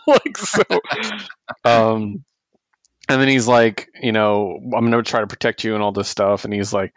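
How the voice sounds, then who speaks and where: A man co-hosting a comic book podcast, retelling a story in a casual, animated way and laughing often. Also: on the low side, normal speed, no room sound. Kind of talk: casual chat.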